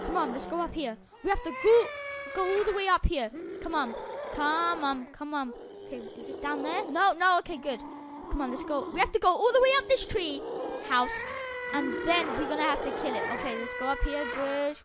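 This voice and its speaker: A woman hosting a gaming channel, giving excitable Minecraft gameplay commentary full of exclamations and urging. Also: very high voice, brisk, very noisy.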